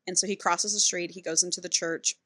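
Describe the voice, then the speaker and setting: A woman's voice: on the low side, fairly quick. A woman co-hosting a podcast, casually retelling a romance novel's plot and acting out the characters' lines. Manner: animated storyteller who acts out characters' lines. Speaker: podcast co-host.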